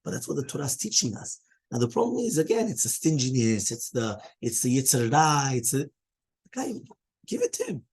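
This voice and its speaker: In a spirited Talmud lesson, a man sprinkles Hebrew and Aramaic terms through his English, repeatedly asking "okay?" and "right?" His mid-range voice is slightly rough, and his pace is fairly quick.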